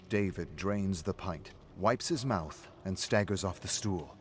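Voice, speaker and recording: A man narrating a story in an even, measured reading style. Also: deep voice, faint music behind.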